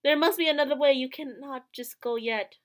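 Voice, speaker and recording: Distraught heroine in a visual novel, a woman doing her, begging, high voice. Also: fairly quick, lightly acted. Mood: pleading. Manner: pleading, emotional, louder bursts. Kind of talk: reading visual novel dialogue aloud.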